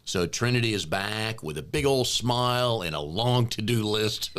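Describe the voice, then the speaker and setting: A man's voice: lowish voice, moderate pace, smooth. A middle-aged man co-hosting a business coaching podcast in a chatty, joking way. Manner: joking, chatty, relaxed banter. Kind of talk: casual podcast chat.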